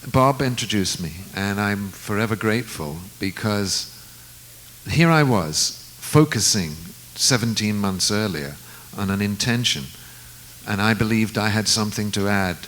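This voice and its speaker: A low-pitched man recounts a memory at an easy, reflective pace. He slips into the voices of the people in his story now and then, with a faint hiss under the recording. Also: fairly bright tone, low-quality recording. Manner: unhurried, reflective storyteller who acts out quoted lines. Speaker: guest musician. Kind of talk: storytelling anecdote in conversation.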